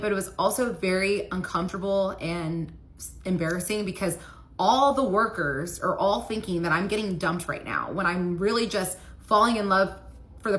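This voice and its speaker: Bright-voiced young woman telling a story. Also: mid-range voice. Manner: casual, heavy use of "like" fillers. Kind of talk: personal storytelling.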